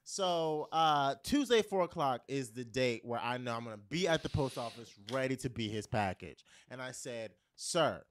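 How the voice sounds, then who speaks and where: Animated man telling a dramatic story. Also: medium pitch, normal speed, hardly any pauses, a little hiss or hum. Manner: dramatic, acts out voices in his story. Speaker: podcast guest telling a story.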